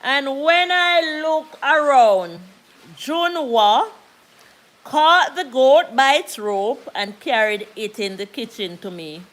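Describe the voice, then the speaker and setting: A woman with a Jamaican accent telling a story casually on a live stream, unhurried and repeating phrases for emphasis. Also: high-pitched, lively intonation, fairly bright tone, low-quality recording.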